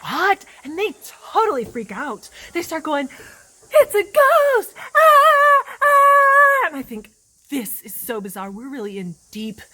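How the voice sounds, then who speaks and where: A woman's voice: sits high, very animated, moderate pace, few pauses, fairly bright tone. A woman playing a chatty female water droplet in a comic children's sermon skit, telling her story with gushing drama. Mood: excited storytelling.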